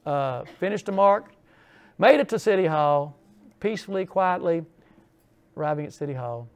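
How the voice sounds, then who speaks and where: A man's voice: a little high, expressive, normal speed, a little mellow, smooth. An older man, giving an informal history lecture with folksy asides and rhetorical questions. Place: lecture hall.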